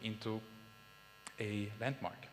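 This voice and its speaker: A man from Austria with an Austrian German accent, explaining lively at a conference talk, German his first language. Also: on the low side, slow, a little hiss or hum. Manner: lively, friendly explaining with small restarts. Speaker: conference speaker. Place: large conference hall. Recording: long hall reverb.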